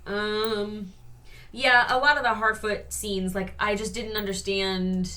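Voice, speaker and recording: Bright-voiced woman with wry criticism. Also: medium pitch, steady tone. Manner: wry, critical, with dramatic pauses. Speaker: co-host reviewing a TV series. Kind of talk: casual review chat.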